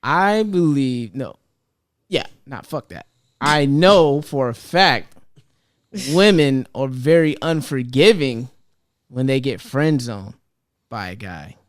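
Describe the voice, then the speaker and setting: A man's voice: mid-range voice, expressive, slow, no echo, studio quality. A young man co-hosting a podcast, chatting casually and often restarting his sentences as he gives his opinions. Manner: stammers and restarts while giving his opinion. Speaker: podcast co-host. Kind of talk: casual chat.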